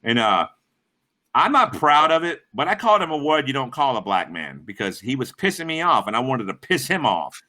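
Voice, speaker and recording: Profane, lively man telling stories. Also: medium pitch, brisk. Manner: profane, rambling, greets chat viewers. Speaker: livestream host. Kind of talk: casual livestream storytelling.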